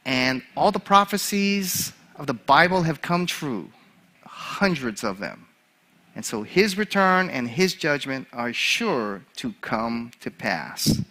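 A male chaplain preaching a sermon, an animated storyteller who laughs at his own story. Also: mid-range voice, takes it slowly.

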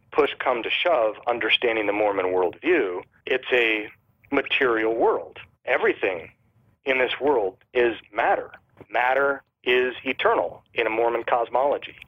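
A man's voice: medium pitch, unhurried. A man explaining theology on a talk show, acting out little dialogues as he goes. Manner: animated, acts out dialogue in illustrations. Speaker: guest. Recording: tinny phone line.

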